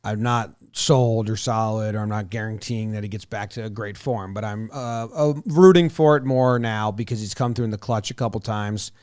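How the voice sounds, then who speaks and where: A man's voice: on the low side, moderate pace, hardly any pauses, darkish tone, clean tone, dry recording, studio quality. A man co-hosting a casual sports podcast, talking loosely and swearing now and then. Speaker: podcast co-host.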